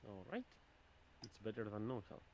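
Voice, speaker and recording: A man running a tabletop game as game master, thinking aloud in a plain, even way. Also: lowish voice, moderate pace, a little hiss or hum.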